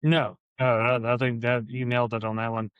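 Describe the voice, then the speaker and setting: Smooth-voiced man, easygoing chat. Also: medium pitch, level tone, moderate pace, no echo, highs cut off. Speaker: podcast co-host. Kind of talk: casual chat.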